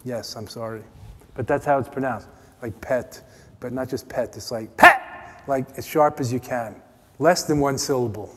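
An American man giving a playful, teasing meditation talk at a retreat, his voice dropping to soft, quiet tones. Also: medium pitch, moderate pace. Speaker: meditation teacher. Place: retreat meeting hall. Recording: long hall reverb.

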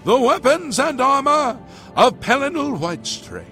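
In a video game, an actor voices a grim, solemn old prophet of doom, warning gravely that an ancient sorcerer will return and chanting ancient words. The delivery is heavily acted, very high-pitched and sing-song, a little slow, pushed and bright, with faint music in the background.

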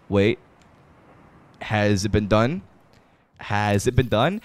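A young man streaming gameplay, talking tiredly to himself, then shouting with excitement, with game music behind him. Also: fairly low pitch, takes it slowly, long pauses, no echo. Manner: excitable, swings between mumbling and shouting. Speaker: gaming streamer. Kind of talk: live-streamed gameplay commentary.

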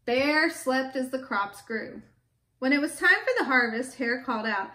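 A woman reading a picture book aloud to children, gentle and stopping to ask them questions. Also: sits high, expressive, normal speed, slight background noise. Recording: echoey room with faint background.

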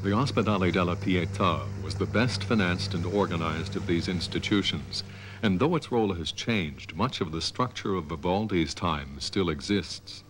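A man narrating a documentary with calm, measured scripted storytelling. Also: low voice, slight background noise. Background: music.

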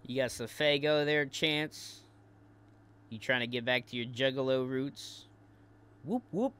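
Male commentary host, mocking and profane, mid-pitched everyday voice, stumbles over repeats. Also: steady tone, a little slow, fairly bright tone, a little hiss or hum. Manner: taunting, crude, repeats words in bursts.

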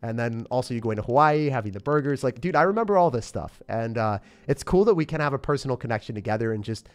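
A man's voice: mid-range voice, lively intonation, quick pace, clean tone. A young man chatting casually and upbeat on a live game stream, rambling with lots of fillers. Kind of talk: casual live-stream chat while gaming.

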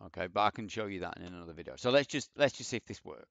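Low, gravelly man talking through code. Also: lively intonation, very fast, fairly bright tone, dry recording. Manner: rambling, self-deprecating, thinks aloud while typing. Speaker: programming teacher. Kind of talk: casual coding tutorial with screen share. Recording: dull, lo-fi dry mic.

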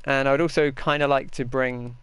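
A man's voice: mid-range voice, steady tone, brisk, a bit bright, clean tone, no room sound. A young man giving casual, rambling commentary while he plays a game and answers viewers' chat. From England. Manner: chatty, rambling, reads chat aloud. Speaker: gaming streamer.

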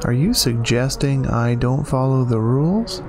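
A man hosting a casual let's-play, chatting to himself and reading game text aloud with excited exclamations. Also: mid-range voice, a little slow. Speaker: gaming channel host.

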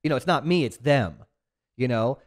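A man's voice: mid-range voice, animated, normal speed. A man speaking as a guest in a casual interview, talking earnestly and reflectively about his own life. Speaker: podcast guest, business owner.

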